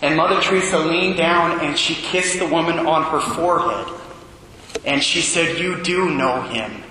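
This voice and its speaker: A male priest reading the Gospel and preaching a deliberate, emphatic homily to students. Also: fairly high pitch, noisy background. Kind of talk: homily at Mass. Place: church. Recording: echoey church, long reverb.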